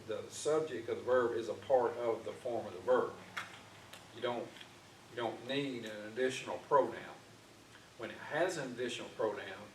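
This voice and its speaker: A man teaching an informal Bible class in a church classroom, talking conversationally with frequent fillers and restarts. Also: fairly low pitch. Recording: echoey room, distant mic, faint noise.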